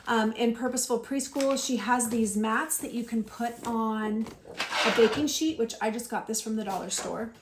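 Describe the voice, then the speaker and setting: A woman homeschooler walks through her purchases one by one in a chatty, step-by-step way. Her voice sits a little high. The room rings with echo, and there's a faint hiss underneath. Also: steady tone, moderate pace. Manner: chatty, explains each item step by step. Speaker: homeschooling parent. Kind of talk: casual show-and-tell haul video.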